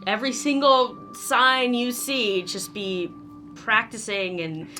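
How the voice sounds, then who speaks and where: A woman's voice: on the high side, sharp tone, faint music behind. A woman co-hosting a casual chat, giving enthusiastic tips from her voice acting experience. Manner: unhurried and enthusiastic, gives tips. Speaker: co-host with voice acting background.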